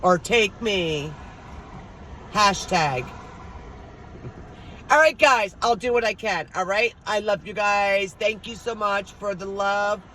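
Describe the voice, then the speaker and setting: A woman's voice: medium pitch, slow, long pauses, pushed and bright, a little hiss or hum. A middle-aged woman vlogger, chatting casually to her viewers and telling stories, acting out the voices of the people in them. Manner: chatty storytelling, acts out voices.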